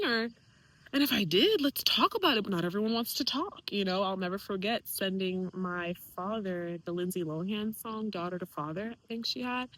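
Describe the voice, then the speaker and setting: A woman's voice: mid-range voice, a bit bright, low-quality recording. A young woman vlogger candidly venting to camera about family hurt, emotional and close to tears, talking casually with many fillers and acting out what others said. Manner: emotional, tearful, sighing; casual, many fillers, acts out quoted people.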